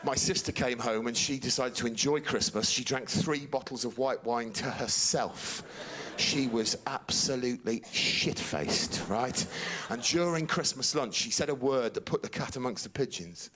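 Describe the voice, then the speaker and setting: A man in his forties doing a stand-up routine, deadpan storytelling that builds to outraged shouts. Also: mid-range voice, moderate pace. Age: 40s. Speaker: stand-up comedian. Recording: noisy stand-up recording.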